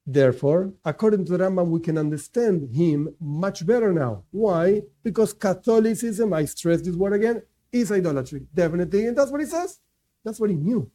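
Fairly quick and animated, this man's high-pitched, warm voice carries an informal religious lecture to his class. He drives his key points home through repetition and rebuts objections he imagines his listeners might raise.

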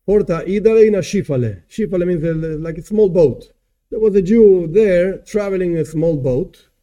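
A man teaching a song, translating and explaining it phrase by phrase in a slow, searching way. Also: sits high, mellow.

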